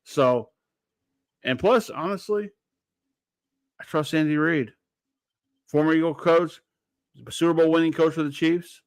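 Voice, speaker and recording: A man's voice: on the high side, measured pace, long pauses, dry recording. A man hosting a sports radio show, talking bluntly and rambling, with some swearing. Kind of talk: casual sports talk.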